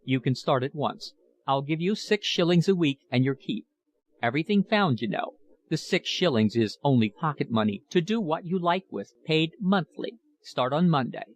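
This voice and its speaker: A man voicing a pompous, talkative shop manager with a Cockney accent and a high, metallic voice. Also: animated, moderate pace, no echo.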